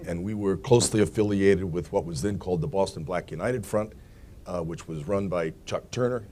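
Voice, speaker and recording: Deep-voiced man, wry panelist, faint hum behind. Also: a little fast, mellow. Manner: wry, self-correcting. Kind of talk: recollections at a panel forum.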